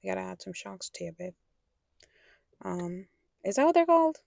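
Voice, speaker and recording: A woman's voice: medium pitch, sing-song, moderate pace, gravelly, darkish tone, no echo. A young adult woman talking candidly in a personal vlog, rambling and correcting herself, sometimes dropping to a whisper. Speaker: vlogger.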